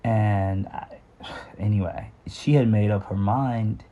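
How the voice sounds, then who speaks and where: A middle-aged man telling a personal story off the cuff, halting and earnest, with sighs and restarts. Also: lowish voice, dark tone, dull audio. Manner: halting, with frequent fillers and restarts; earnest and sighing. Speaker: memoir storyteller.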